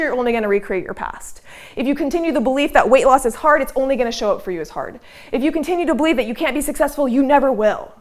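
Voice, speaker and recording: Chatty woman coaching listeners. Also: on the high side. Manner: conversational, checks in often with "okay?" and "right?"; speaks directly to listeners, voicing their doubts back at them. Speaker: weight-loss coach. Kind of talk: motivational coaching talk.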